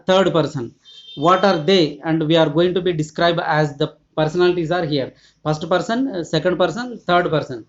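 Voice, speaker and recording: A man teaching a recorded grammar lesson to his students, explaining patiently and repeating points with many pauses. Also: on the high side. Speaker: school English teacher. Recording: dull lo-fi recording.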